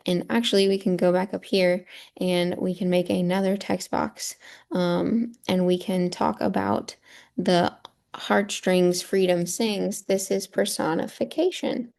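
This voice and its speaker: Woman teacher, low-pitched, gravelly edge, patient step-by-step explainer for a screen-share lesson. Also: steady tone, unhurried, a little mellow. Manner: patient, checks in with rhetorical "right?".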